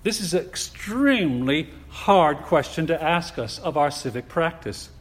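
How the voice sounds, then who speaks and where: An expressive preacher with a fairly high voice delivers a sermon at a slow, deliberate pace, stressing his words heavily and asking rhetorical questions. His voice echoes with a long hall reverb.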